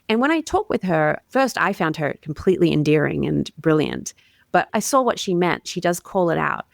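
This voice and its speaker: An Australian woman explains communication ideas in an easygoing, articulate podcast chat. Her voice sits low with a gravelly edge of fry. The sound is close and dry, with no room around it. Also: lively intonation, normal speed, no room sound. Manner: articulate, warm, explanatory with everyday fillers. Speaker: communications coach, guest. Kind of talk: conversational podcast interview.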